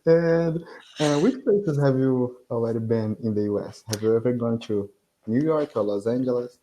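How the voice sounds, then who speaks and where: A man's voice: mid-range voice, moderate pace, dark tone, rough recording. A man from Brazil with a Brazilian Portuguese accent, a student who eagerly asks questions and laughs often on a video call. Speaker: English student.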